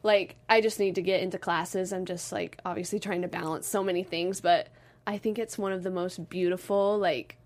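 A woman's voice: fairly low pitch, normal speed. Bubbly young woman telling dance stories. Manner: bubbly, animated storytelling with acted-out quotes. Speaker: dancer and guest. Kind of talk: casual interview.

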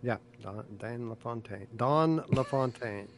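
A man's voice: medium pitch, measured pace. A man co-hosting a live gaming stream, answering briefly with dry, teasing quips. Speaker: podcast co-host. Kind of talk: casual live-stream chat.

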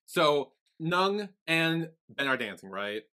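A man's voice: fairly high pitch, slow pace. A man co-hosting a podcast, casually recapping a drama episode and acting out the characters' lines. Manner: animated storytelling, acts out quotes. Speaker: podcast co-host.

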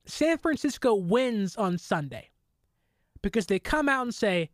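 Excitable fan talking football. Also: female voice, fairly high pitch, unhurried, no room sound, clean studio sound. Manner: excitable, rambling fan talk with many fillers; mock voices for quoted people. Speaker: sports podcast host. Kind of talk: casual sports commentary.

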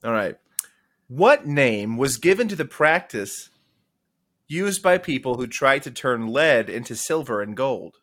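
A man co-hosting a podcast, playful and quick with jokes in casual banter. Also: medium pitch, expressive, fairly bright tone, dry recording, clean studio sound. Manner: playful, does silly voices. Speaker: podcast co-host.

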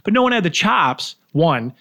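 A man's voice: on the high side, very animated, moderate pace, pushed and bright. A man from Chicago, a comedian and TV writer, telling stories in a loose, rambling way, swearing and laughing as he talks. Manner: rambling storyteller, swears, laughs mid-sentence. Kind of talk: casual podcast chat.

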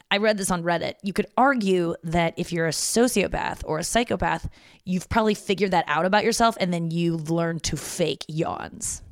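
A woman's voice: fairly low pitch, no room sound, clean studio sound. A woman hosting her podcast, talking alone in a loose, candid, yawning ramble with plenty of swearing. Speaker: podcast host. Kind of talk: casual solo monologue.

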